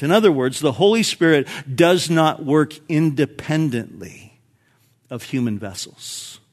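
A middle-aged male pastor preaching an expository sermon, swelling and dropping his volume for emphasis. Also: on the high side.

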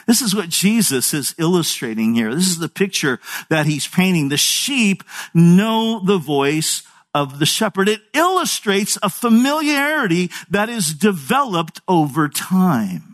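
A man's voice: high-pitched, very animated, measured pace, few pauses, a bit bright. A man in his sixties, a pastor preaching a sermon in a conversational storytelling way with folksy asides.

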